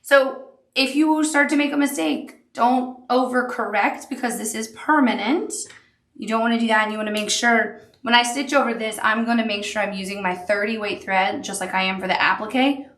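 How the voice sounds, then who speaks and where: A woman's voice: fairly high pitch, moderate pace, fairly bright tone. A woman giving a chatty, upbeat sewing tutorial while she works. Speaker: sewing instructor. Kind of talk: crafting tutorial. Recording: echoey room.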